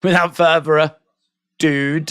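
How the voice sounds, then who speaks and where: A man's voice: fairly high pitch, level tone, measured pace, fairly bright tone, clear, resonant tone, no echo, studio quality. A man hosting a wrestling watch-along stream, chatting and reacting with laughs and asides. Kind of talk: casual live-stream commentary.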